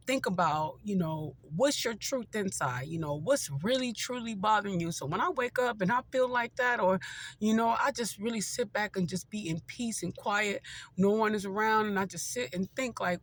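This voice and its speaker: A fifty-year-old vlogger talks straight to the camera in a casual, heartfelt way. The speech wanders and circles back, filled with "you know" and restarts. It is earnest encouragement rooted in faith, delivered as plain everyday talk at a middle pitch. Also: a bit bright. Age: turning 50. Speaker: vlogger and motivational speaker.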